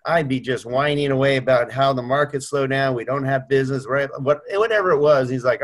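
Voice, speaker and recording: A man's voice: mid-range voice, a little fast, hardly any pauses. Earnest middle-aged man telling stories. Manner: earnest storytelling, acts out quoted voices. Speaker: mortgage company owner. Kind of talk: video call tribute chat. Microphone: video call.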